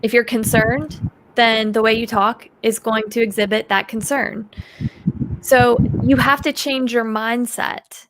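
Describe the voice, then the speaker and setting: A woman from the United States answering interview questions as a communication coach, animated and acting out example voices. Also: on the high side, unhurried, heavy background noise.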